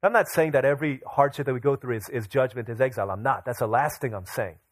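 A man's voice: mid-range voice, quick pace, dry recording. A young man pastor preaching a sermon, telling a family story and acting out his children's voices.

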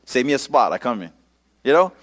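Male pastor, casual storytelling sermon, lively ups and downs in pitch, local slang. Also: fairly quick.

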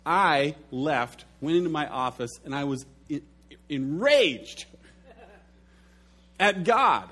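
Animated preaching man. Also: fairly high pitch, slow pace. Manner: animated storytelling, acts out his own shouted outburst. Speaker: pastor. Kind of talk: sermon.

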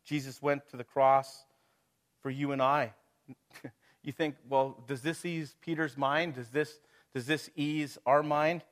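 A middle-aged man preaching at a mid-range pitch. He talks his congregation through the passage in an easy, conversational way. He poses rhetorical questions and chuckles between them. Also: steady tone, measured pace. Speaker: pastor. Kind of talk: sermon.

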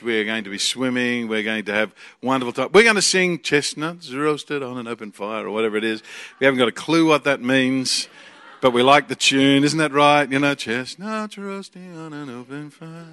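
A man's voice: mid-range voice, fairly bright tone, no room sound, clean studio sound. An Australian man in his forties, a guest pastor preaching a chatty, joking sermon with bursts of energy.

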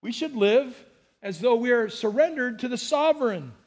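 A man's voice: extremely high pitch, expressive, moderate pace. A man from Southern California preaching as a pastor, earnest and emphatic, acting out quotes as he goes. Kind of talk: sermon.

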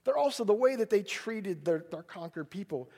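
A male pastor preaching a sermon, telling a personal story with animated delivery and acting out his own panicked voice. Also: sits high, normal speed, vocal fry.

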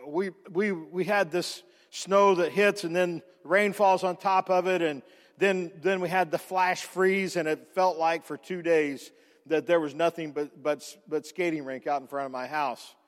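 A man pastor telling a personal story in a sermon, animated, with frequent restarts and repeated words. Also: on the high side, unhurried, long reverb tail.

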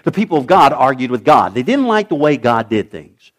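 A middle-aged man preaching a sermon, telling a story with lively, dramatic delivery and bursts of shouting as he acts out the characters. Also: medium pitch, brisk. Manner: animated storytelling, acting out voices with shouts. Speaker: pastor.

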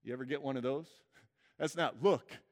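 A man's voice: medium pitch, normal speed. A man preaching a sermon in a conversational way, often checking in with the congregation. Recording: church hall reverb.

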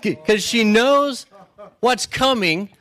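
High-voiced man preaching conversationally. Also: animated, takes it slowly, a bit bright. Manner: conversational, keeps checking in with "right?"; retells stories with restarts and acted asides. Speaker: pastor. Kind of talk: sermon.

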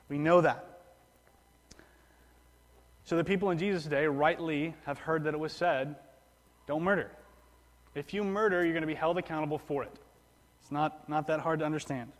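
A male pastor preaching a sermon in a relaxed, conversational way, often repeating and restarting phrases. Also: on the high side, long reverb tail.

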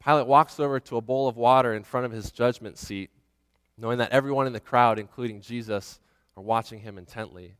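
A man retelling a scripture story dramatically, swinging from hushed passages to loud ones. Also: mid-range voice, a little fast, clean tone, dry recording, long reverb tail.

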